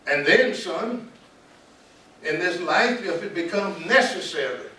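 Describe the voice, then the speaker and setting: Brief: older Southern man, pastor, emphatic sermon-like delivery, somewhat high voice, recorded from afar in a big echoing hall. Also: animated, bright, forceful tone. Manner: emphatic, repeats key words, slows for stress. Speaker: pastor and author speaking to students. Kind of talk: preaching-style talk. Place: large auditorium. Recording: echoey hall, distant mic, light noise.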